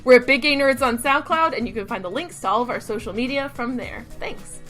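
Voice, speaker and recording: Bright, high-voiced woman podcast co-host. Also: a little fast, faint music behind. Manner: enthusiastic, swears freely, frequent restarts. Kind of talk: casual chat.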